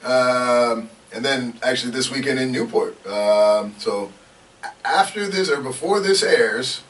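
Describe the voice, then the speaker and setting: A man's voice: medium pitch, measured pace, fairly bright tone, distant mic, low-quality recording. A man hosting a podcast, talking loosely and hesitantly with many ums. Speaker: podcast host. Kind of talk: casual podcast chat.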